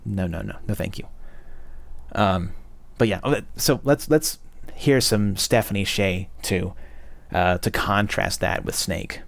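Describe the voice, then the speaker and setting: A man's voice: on the low side, takes it slowly, gravelly, slight background noise. A young man hosting a casual game review, blunt and profane, with many fillers. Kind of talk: casual opinionated monologue.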